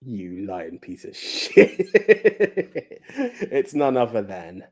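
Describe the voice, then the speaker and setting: A man co-hosting a casual podcast, with a warm, mellow tone. He halts and repeats words as he works out his thoughts, and his pitch rises and falls a lot. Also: sing-song, takes it slowly. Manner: hesitant, repeats words while thinking. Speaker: podcast co-host.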